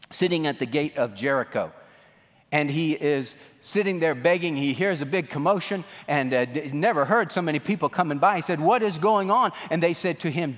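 A male pastor preaching a sermon, swinging from loud outbursts to hushed lines. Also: on the high side, in a large hall.

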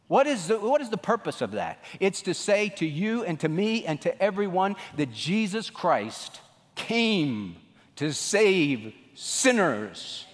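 A man's voice: high voice, expressive, unhurried. Dramatic preaching man in a hall. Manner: dramatic preaching, swinging from loud to hushed. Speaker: pastor. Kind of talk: sermon.

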